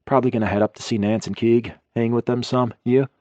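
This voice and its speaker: A man's voice: medium pitch, fairly even intonation, fast talker, warm tone, no room sound, muffled recording, close to an everyday voice. A man voicing an easygoing young firefighter. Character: laid-back young male firefighter, easygoing.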